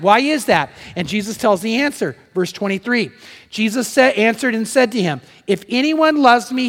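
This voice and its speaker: Animated male pastor preaching in a hall. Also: sits high. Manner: animated, swings between loud emphasis and hushed storytelling. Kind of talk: sermon. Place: church sanctuary.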